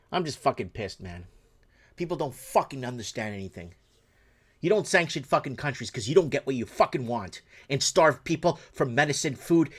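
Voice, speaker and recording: A man hosting a talk show, ranting angrily and cursing, swinging between shouted bursts and low muttering. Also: slightly rough. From Portuguese heritage. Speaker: show host. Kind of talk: angry political rant.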